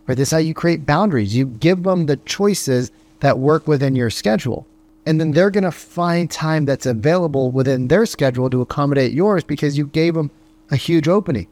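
A sales coach with a fairly high, darkish voice and lively intonation delivers a motivational podcast monologue. Punchy rhetorical questions and frequent "right?" tags fill his talk, and he acts out phone calls in rapid voices.

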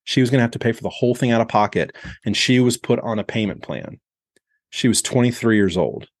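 A man in his forties, a podcast host, telling a candid, reflective story in an unhurried conversational way that slows on heavy moments. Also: mid-range voice, no echo.

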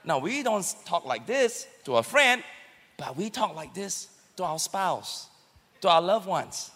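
Man, pastor, conversational sermon, high voice, echoey church hall. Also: very animated, measured pace, a bit bright. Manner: conversational, calls for congregation responses.

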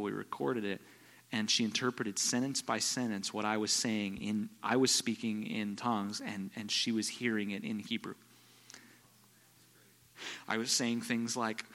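A man preaching a sermon as a visiting pastor, telling stories and swinging from quiet, low passages to loud, excited bursts. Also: moderate pace, in a large hall. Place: church.

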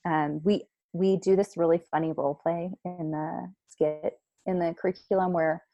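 A woman's voice: on the low side, steady tone, moderate pace, mellow, no room sound, lo-fi sound. A woman who leads a nonprofit program, answering interview questions in an earnest, explanatory way with many fillers.

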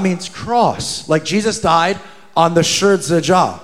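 A man from New Jersey preaching as a guest, telling funny stories with animated, joking energy. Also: on the high side, takes it slowly. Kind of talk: sermon with humorous storytelling.

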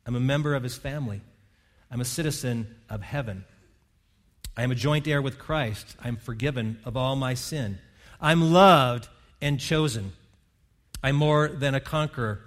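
A man's voice: mid-range voice, moderate pace, long pauses. A middle-aged man preaching a sermon as pastor, earnest and building to fervent emphasis. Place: church sanctuary. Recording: long church-hall reverb with faint music.

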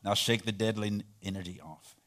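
A middle-aged man preaching a sermon, swinging between loud emphatic peaks and soft near-whispered passages, and having the congregation repeat phrases after him. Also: lowish voice, fairly quick. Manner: leads call-and-response, has the audience repeat phrases. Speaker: pastor.

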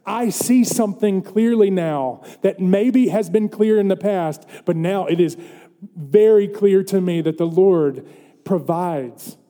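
A man's voice: high-pitched, slow pace, mellow. A man preaching a sermon as pastor, earnest and building to emphatic questions. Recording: long hall reverb.

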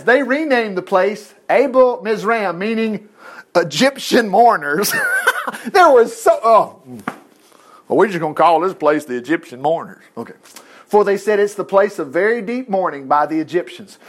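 Man, preacher, high pitch, very animated, folksy asides, reading scripture. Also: moderate pace. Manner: folksy, animated, laughing asides, acts out characters' voices. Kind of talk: sermon, reading and commenting on scripture.

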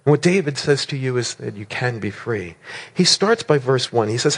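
A man preaching a sermon with a voice of middle pitch. He drives his points home with rhetorical questions and strings of words, and he rises and falls in pitch for emphasis. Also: expressive, normal speed, husky.

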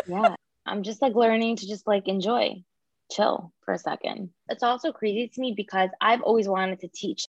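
A woman's voice: mid-range voice, steady tone, moderate pace, creaky, dry recording, dull audio. A woman guest in a podcast interview who owns a beauty school, talking casually and chattily. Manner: casual, chatty, many "like" fillers.

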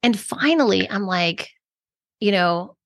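A woman from Georgia hosts a podcast in a casual, rambling way, often pausing on "you know" and restarting her sentences. Her recording sounds dry, with no room echo. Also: mid-range voice, lively intonation. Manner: rambling, many fillers and restarts. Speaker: podcast host. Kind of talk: casual interview chat.

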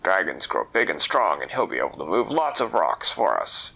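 A man's voice: sits low, very animated, moderate pace, creaky, sharp tone, slightly rough, full character voice. A man voicing ogres in a storybook tale, chatting matter-of-factly about a captive dragon. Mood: casual.

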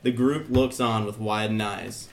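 A man's voice: on the low side, steady tone, measured pace, creaky. A man narrating scene directions for a comedy podcast, giggling through his slips. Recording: echoey room.

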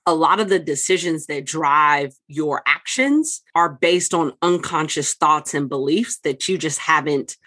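Podcast host, explaining to listeners, brisk, clear, mid-pitched voice. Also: sharp tone.

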